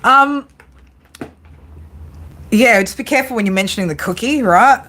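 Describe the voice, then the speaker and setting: A woman's voice: on the high side, normal speed, sharp tone. A woman doing a casual live tarot reading, teasing her viewers and swearing freely as she talks through the cards. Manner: teasing, profane banter with viewers. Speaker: psychic tarot reader.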